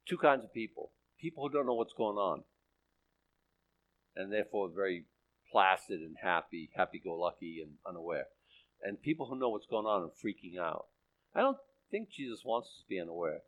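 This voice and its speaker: Male pastor, sermon, chatty and animated, pitch leaps around a lot. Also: normal speed, low-quality recording. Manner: conversational, animated, often checks in with okay?.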